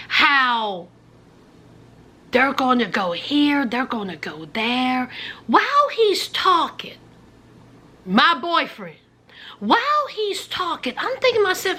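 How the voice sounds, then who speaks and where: Speaking slowly in a high, sharp voice with big swings in pitch, a rural Virginia woman vlogs a personal story. She's dramatic, addresses her viewers directly as friends, and occasionally drops to a whisper.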